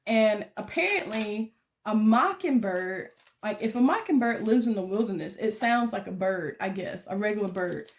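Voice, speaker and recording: A young woman with a Southern US accent, chatting animatedly through a casual storytime while crafting and mimicking beeping sounds in squeaky bursts. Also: lively intonation, moderate pace. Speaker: craft vlogger.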